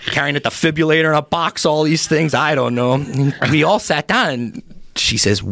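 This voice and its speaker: A man's voice: on the high side, moderate pace, gravelly, no echo. A man playing a chatty Pennsylvania Dutch lodge secretary, spinning a rambling comic tale in a folksy Pennsylvania Dutch accent. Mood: folksy, amused. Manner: rambling, animated, acts out every speaker in the tale. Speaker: podcast contributor telling a story. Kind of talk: comedic character storytelling.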